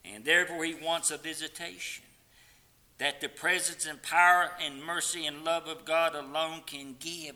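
Preacher guy, really bright tense voice, kinda high, pleads loud then goes soft. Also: fairly even intonation, moderate pace. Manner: impassioned, swings from loud pleading to quiet, sometimes sings hymn lines. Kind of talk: sermon.

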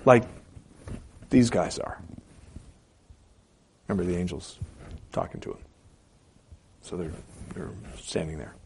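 A man preaching a sermon as pastor, asking rhetorical questions and repeating key phrases for emphasis, swinging between loud and soft delivery. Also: sits low, lively intonation, takes it slowly, vocal fry, long pauses, slight background noise.

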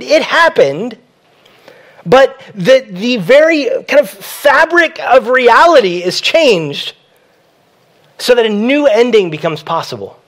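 A pastor giving a sermon in a conversational preaching manner, repeating key phrases for emphasis. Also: male voice, very high-pitched, fairly bright tone.

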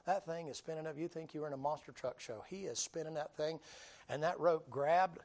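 A man preaching in a folksy drawl. He tells his story in an animated way, acts out the people in it, and now and then bursts out loudly. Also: a little high, brisk. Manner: folksy, animated storytelling with acted-out voices and sudden loud bursts. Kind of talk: storytelling sermon.

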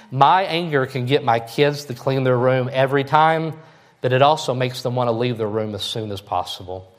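Folksy preacher, mid-pitched man. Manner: folksy, conversational preaching with frequent "all right?" check-ins. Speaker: pastor. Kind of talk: sermon.

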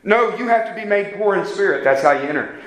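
A pastor preaches with earnest emphasis, often putting questions straight to his congregation. His voice sits a bit high for a man. The sound carries a roomy echo, as if caught in a church hall. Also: expressive, fast talker, fairly bright tone. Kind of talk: sermon. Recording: echoey church room.

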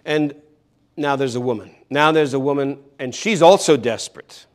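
A man's voice: mid-range voice, normal speed. A man preaching an expository sermon, earnest and emphatic, repeating key phrases for stress.

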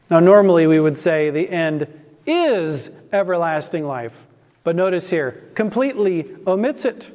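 A man's voice: a little high, expressive, measured pace, a little mellow, in a large hall. A man preaching an expository sermon in a church, asking rhetorical questions and stressing key words.

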